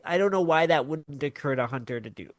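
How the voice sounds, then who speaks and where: A man's voice: a little high, expressive, fast talker, no echo, clean studio sound. A man in his thirties co-hosting a podcast, talking casually and reasoning things through aloud. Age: 30s. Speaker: podcast co-host. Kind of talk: casual chat.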